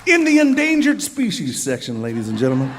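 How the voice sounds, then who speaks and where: On stage, a high-pitched bandleader with huge pitch swings and a slightly quick pace introduces his players with jokes and showman patter, hyping the live crowd. The concert recording picks up the audience and band, plus a little hiss or hum.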